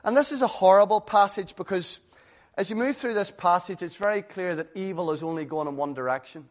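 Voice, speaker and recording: A man's voice: high voice, a little fast. A man preaching a sermon in an earnest, conversational way, full of rhetorical questions.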